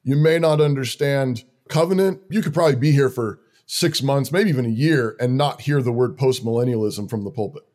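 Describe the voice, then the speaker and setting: Earnest church leader listing plain commands. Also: male voice, mid-range voice, brisk, few pauses, darkish tone. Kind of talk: conversational interview talk.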